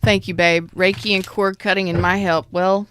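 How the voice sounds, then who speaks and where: A woman's voice: mid-range voice, flat delivery, normal speed, a bit bright, a little hiss or hum. A woman tarot reader doing a live reading as a casual, blunt rant, swearing freely, calling viewers out and answering chat comments. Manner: blunt, profane, calls viewers out.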